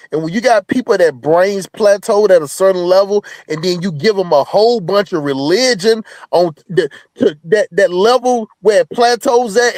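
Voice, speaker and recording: A man co-hosting a podcast, chiming in with animated, slangy casual talk. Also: high voice, no echo. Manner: animated, street-talking, agreeing. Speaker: podcast co-host. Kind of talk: casual discussion.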